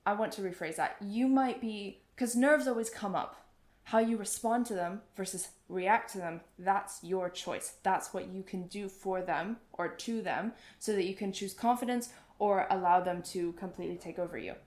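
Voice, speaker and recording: Young woman host, mid-pitched, chatty and earnest, recorded with a roomy echo. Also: darkish tone. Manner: chatty and earnest, acts out nervous quotes in a higher voice. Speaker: podcast host, oboist and performance coach. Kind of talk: solo podcast talk.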